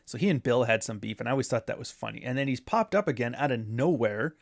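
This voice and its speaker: A man's voice: medium pitch, quick pace, gravelly, dry recording, clean studio sound. A man doing casual commentary, rambling through sarcastic asides. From Canada. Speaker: commentary host.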